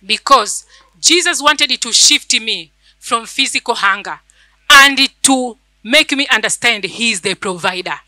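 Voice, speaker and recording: A woman's voice: on the high side, a little slow, sharp tone, no echo, low-quality recording. A woman church elder, preaching a fervent sermon and telling a personal testimony, repeating phrases for emphasis.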